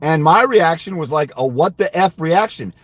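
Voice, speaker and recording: A man's voice: on the high side, animated, moderate pace, dry recording. A man hosting a fathers' rights livestream, telling a story about a client in a heated, profane, insulting rant. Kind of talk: angry monologue recounting a client call.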